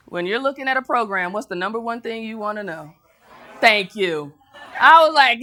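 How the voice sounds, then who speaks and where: Animated woman motivational speaker, bright voice. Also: a little high, normal speed. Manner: animated storytelling, acting out voices, laughing. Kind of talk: motivational speech.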